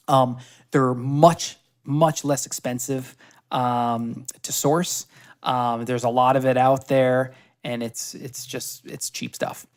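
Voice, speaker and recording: A man from Canada, a podcast guest who runs a supplement company, talking in an eager, explanatory way with many fillers and restarts. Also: medium pitch. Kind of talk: casual conversational pitch.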